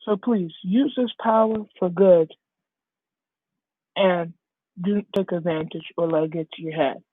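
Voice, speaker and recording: A woman voicing a mysterious absent father who speaks slowly and gravely, with a warning tone. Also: lowish voice, fairly even intonation, no room sound. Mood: solemn. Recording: husky, dry, phone-like lo-fi audio.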